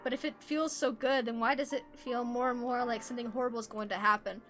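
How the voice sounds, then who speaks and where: A woman voicing a shy, obsessive young woman confessing her love in a hushed, intense way while reading game dialogue aloud. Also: a little high, steady tone, fast, soft background music, voice pushed down, close to an everyday voice.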